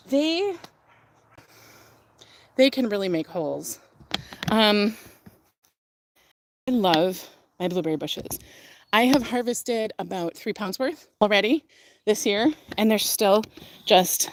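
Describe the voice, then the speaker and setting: A woman's voice: mid-range voice, expressive, slow pace, long pauses, slight background noise. A young woman livestreaming from outdoors on her farm, talking in a gushing, chatty way with fillers and laughs. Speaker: livestream host. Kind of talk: casual livestream tour.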